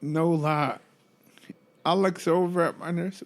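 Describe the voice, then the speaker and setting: A man who works as a motivational speaker tells a story in a casual vlog, animated and profane, laughing often and breaking into incredulous exclamations. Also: a little high, normal speed, vocal fry.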